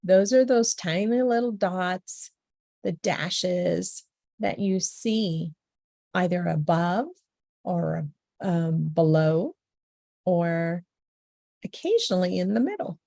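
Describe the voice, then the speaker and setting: Slow, patient female teacher for a beginner lesson; lowish mellow voice, repeats each sound. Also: lively intonation, vocal fry, no echo, clean studio sound. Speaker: language teacher.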